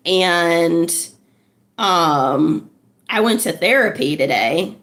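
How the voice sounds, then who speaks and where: A woman's voice: on the low side, lively intonation, soft background music. A woman who is a social worker, chatting casually and laughing while strumming a ukulele. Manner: chatty, laughing, unhurried storytelling.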